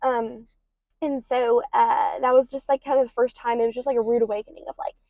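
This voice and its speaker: A young woman hosts a confessional podcast, talking openly and a bit rambling, with lots of ums and likes. Her voice sits a little high and has a gravelly fry to it. The recording is close and dry but slightly dull and lo-fi. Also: steady tone, a little fast, no room sound. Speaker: podcast host. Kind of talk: personal confessional podcast talk.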